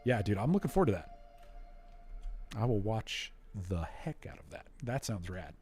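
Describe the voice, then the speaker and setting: A man in his forties, chatting casually and excitably while streaming a game. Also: lowish voice, normal speed, soft background music. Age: 40s. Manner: chatty, excitable, says dude a lot. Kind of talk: casual gameplay stream chat.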